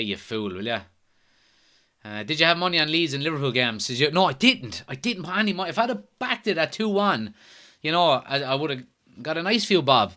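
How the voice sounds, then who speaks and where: An Irish man with a slightly high, bright and forceful voice hosts a live football watchalong. He talks casually, reading out viewer comments one by one and answering them in a chatty, easygoing way. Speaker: host of a football watchalong stream. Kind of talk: casual live-stream chat and match commentary. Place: at home.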